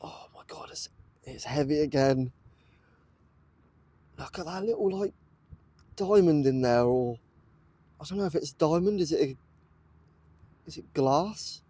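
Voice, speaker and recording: British male outdoor vlogger, slightly high, mellow voice, excitable and breathless. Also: measured pace, pauses often, slightly rough. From United Kingdom. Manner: breathless, awestruck, repeats exclamations. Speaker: metal detecting vlogger. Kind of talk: excited outdoor vlog commentary. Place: outdoors in a muddy field. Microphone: camera on a tripod.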